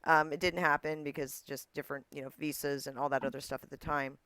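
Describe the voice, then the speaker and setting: A man chatting as an interview guest, animated, laughing often and acting out the voices of people he quotes. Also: fairly high pitch, fast, clear, resonant tone, no echo. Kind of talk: casual interview chat.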